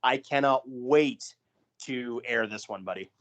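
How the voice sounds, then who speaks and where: A man co-hosting a wrestling podcast, talking in a measured, announcer-like way as he wraps up the show. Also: mid-range voice, a bit bright. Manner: measured, announcer-style sign-off. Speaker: podcast co-host. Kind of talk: casual podcast chat. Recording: slightly dull lo-fi audio.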